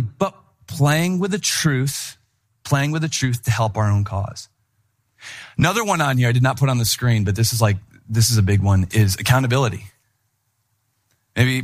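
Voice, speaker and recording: A middle-aged male pastor preaching a sermon with animated storytelling, acting out voices in his anecdotes. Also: mid-range voice.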